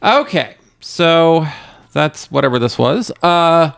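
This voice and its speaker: A man co-hosting a casual podcast, his voice rough and gravelly. He swings widely up and down in pitch as he jokes and rants, laughing into his sentences. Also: lively intonation, takes it slowly, fairly bright tone. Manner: joking, ranting, laughs mid-sentence. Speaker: podcast co-host.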